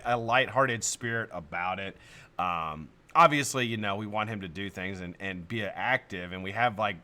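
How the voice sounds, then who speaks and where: A middle-aged man hosting a live stream, telling stories casually to his chat, swearing freely and laughing often. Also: fairly low pitch. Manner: animated, profane, laughs often.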